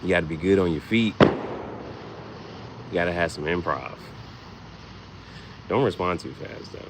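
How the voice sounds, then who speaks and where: A man's voice: sits low, a little slow, noisy background. A man vlogging in a casual comedic monologue, laughing often and swearing in slangy storytelling.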